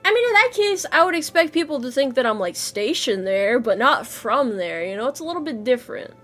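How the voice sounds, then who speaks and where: A woman's voice: sits high, big pitch swings, a little fast, fairly bright tone. A woman streamer chatting casually with her viewers, playful, laughing often and swearing freely. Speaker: VTuber streamer.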